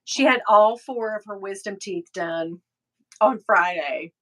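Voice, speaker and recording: Bright-voiced middle-aged woman, chatty. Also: mid-range voice, measured pace, a little hiss or hum. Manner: chatty, storytelling, reading out viewer comments. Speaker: livestream host. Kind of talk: casual live chat.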